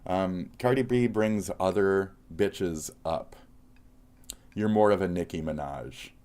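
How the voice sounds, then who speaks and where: A man's voice: low-pitched, slow pace, darkish tone. A man streaming live, reacting to posts with a profane, mocking rant.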